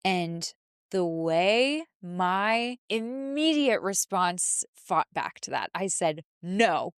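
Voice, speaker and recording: A woman's voice: mid-range voice, big pitch swings, slow pace, clean tone, no echo, clean studio sound. A woman hosting a podcast, telling a personal story candidly and emotionally, with frequent restarts. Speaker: podcast host.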